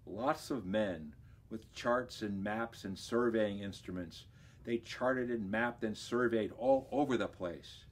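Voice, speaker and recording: A man, a library director, reading a children's story aloud with expressive, lively storytelling. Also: lowish voice, breathy edge.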